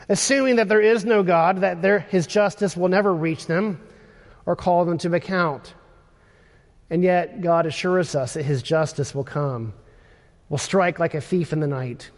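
A man preaching a sermon, speaking in a slow, measured way with emphatic pauses. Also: sits high, in a large hall.

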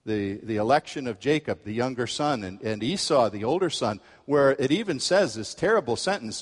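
A male pastor preaching a sermon, telling a story with lively acted-out quotes. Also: mid-range voice, moderate pace, few pauses, husky, big-room sound. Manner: animated storytelling, acts out quoted voices.

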